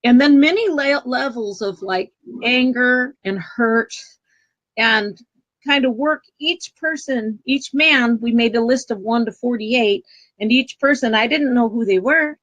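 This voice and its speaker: A woman guest telling a personal spiritual story in an earnest, emotional, halting way. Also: fairly high pitch, a bit bright, muffled recording.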